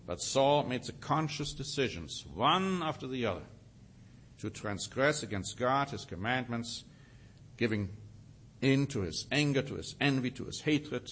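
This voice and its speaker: A man teaching a sermon, reading scripture with rising emphasis and slowing down to stress single words. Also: medium pitch, a little hiss or hum. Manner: reads scripture aloud with rising emphasis, then comments. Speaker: preacher.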